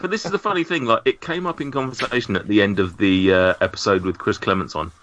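A man's voice: lowish voice, fast, a bit bright, highs cut off, slight background noise. A man hosting a podcast, introducing his guests with playful jokes in casual chat. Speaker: podcast host.

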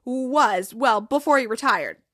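A chatty woman talks through a TV episode scene by scene, slipping into the characters' lines as she goes. Her voice sits a little high, and it is recorded close and dry with no room sound. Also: lively intonation, measured pace, a bit bright, dry recording. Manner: chatty, acts out quotes, laughs, reads aloud. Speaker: podcast host recapping a TV episode. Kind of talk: casual recap, retelling scenes.

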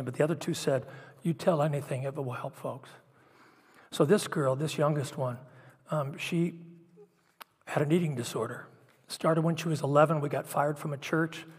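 A middle-aged man preaching a sermon, telling personal stories in a confessional way that swings from hushed to loud. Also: a little high, breathy edge, big-room sound.

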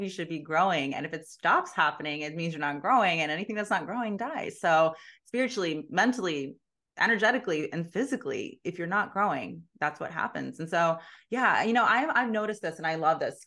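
A woman's voice: lowish voice, expressive, a little fast. Emphatic woman guest telling her story. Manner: emphatic, swings between hushed and loud. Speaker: guest, business owner and coach. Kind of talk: casual interview storytelling.

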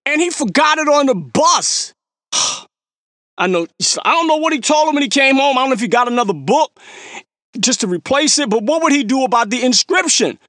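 A man's voice: very high voice, a bit bright, no echo, clean studio sound. A man hosting a podcast, telling stories in a casual, slangy way, acting out his own past remarks and laughing at himself. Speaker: podcast host. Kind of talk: casual storytelling monologue.

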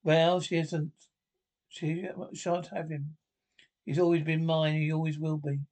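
A man's voice: on the high side, flat delivery, a little slow, a little mellow, lightly acted. A man reading the lines of a jealous, possessive young daughter, speaking in a sulky, pleading way.

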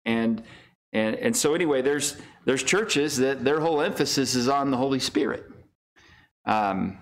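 Middle-aged man, pastor type, casual Bible-study teacher, filler-heavy, average pitch. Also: expressive, moderate pace. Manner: casual, many fillers and restarts; reads scripture in raised, higher voice.

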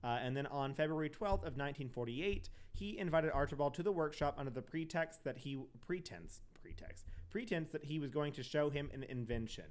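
A man's voice: on the high side, animated, brisk, few pauses. A young man hosting a podcast, telling a true crime story casually, with profane asides and self-corrections. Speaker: podcast host.

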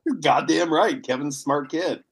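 A man's voice: a little high, normal speed, breathy edge. A man as a guest on a casual movie podcast, laid-back and enthusiastic, often tacking on dude or man.

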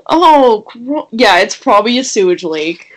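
A woman's voice: a little high, animated, measured pace, poor audio. A woman co-hosting a casual chat, reacting with dry, wry remarks.

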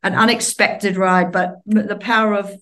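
A woman's voice: mid-range voice, fairly even intonation, normal speed, a bit bright. A woman with an Australian accent, a charity representative answering interview questions in an earnest, explanatory way with frequent restarts.

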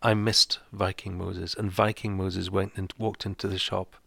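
A man hosting a radio show, casually chatting with a co-host and telling a relaxed story with chuckles. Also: low voice, normal speed, creaky, dry recording.

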